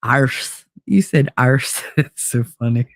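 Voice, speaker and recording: Gravelly, frazzled woman streamer. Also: extremely low pitch, takes it slowly, dry recording, clean studio sound. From New Jersey. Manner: rambling, profane, reads chat aloud. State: sleepless and frazzled. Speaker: livestream host. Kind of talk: casual livestream chat.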